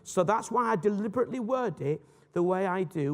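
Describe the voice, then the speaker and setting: In this recorded apologetics lecture, a man with a high voice speaks fairly quickly, his words trailing off into a long reverb. His style is loose and lively, and he often revises what he's saying partway through.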